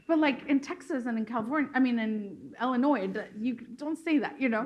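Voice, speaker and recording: A woman from Mexico speaking as a panelist, animated and laughing, with many fillers and restarts. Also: fairly high pitch, a little fast, hardly any pauses. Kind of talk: casual panel discussion.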